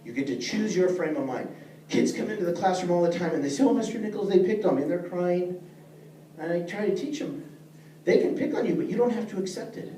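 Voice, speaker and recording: A man's voice: high-pitched, brisk, mellow. A middle-aged man teaching a leadership class, earnest and plain-spoken, talking straight to the people in front of him. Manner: earnest, plain-spoken, addresses listeners directly. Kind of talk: speaking to a class. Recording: echoey room, mic far off, faint noise.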